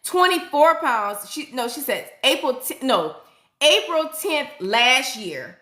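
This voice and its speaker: A middle-aged woman nurse hosting a casual livestream, excitedly reading viewers' comments aloud and hyping them up. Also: high voice, takes it slowly, roomy sound. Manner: excitable, hypes viewers up, frequent "y'all".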